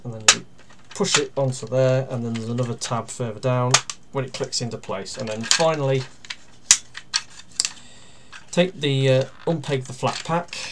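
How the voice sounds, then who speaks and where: A man giving a casual toy review. He talks through each step while handling the toy, pausing and using fillers, and grumbles dryly about its flaws. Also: mid-range voice. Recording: steady background noise with plastic clicks.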